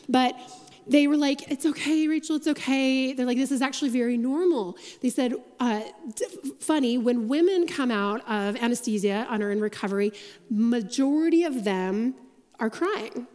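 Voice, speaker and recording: A woman on a church's staff giving a sermon in a large auditorium, telling stories in a chatty, self-deprecating way with quick asides. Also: a little high, a little mellow, long reverb tail.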